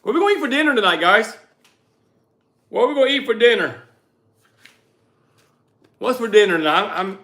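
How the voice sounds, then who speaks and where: A man hosting a live stream, chatting loudly and casually with viewers and answering their questions. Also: sits high. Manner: loud, animated, chatty. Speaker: livestream host and reseller.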